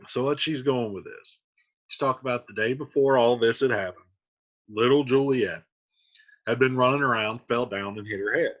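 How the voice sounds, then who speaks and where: A man's voice: medium pitch, moderate pace, fairly bright tone. A man reading lines from an old play aloud, then paraphrasing them in casual modern slang, like a teacher. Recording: dull lo-fi sound.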